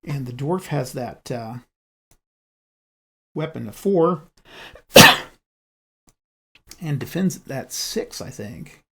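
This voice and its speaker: A man's voice: medium pitch, lively intonation, gravelly, bright, forceful tone, husky. A man narrating his own solo board game playthrough, thinking aloud as he rolls dice and moves pieces. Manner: unhurried, thinking aloud while rolling dice. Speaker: board game channel host.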